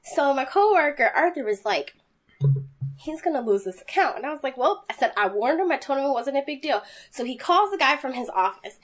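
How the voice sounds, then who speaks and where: Woman telling a work story, kinda high voice, animated, keeps quoting people. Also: a little fast. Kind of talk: casual storytelling chat.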